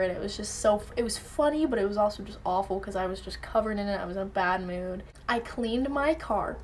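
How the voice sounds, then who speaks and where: A young woman telling a story from her own night in a casual vlog, animated and full of "like". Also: medium pitch, slight background noise. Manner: animated storytelling, acting out everyone's lines, heavy use of "like". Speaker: vlogger.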